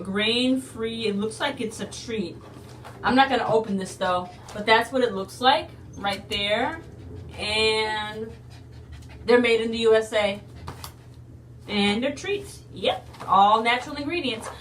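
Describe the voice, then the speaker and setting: A woman's voice: fairly high pitch, fairly bright tone, roomy sound, distant mic, a little hiss or hum. A woman in a casual unboxing video, chatting to her viewers and calling them y'all. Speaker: unboxing vlogger.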